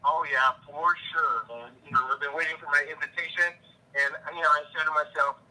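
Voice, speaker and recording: A man chatting as a guest on a collecting show, upbeat and quick to give shout-outs. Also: a little high, fairly even intonation, rough recording. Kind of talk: casual chat.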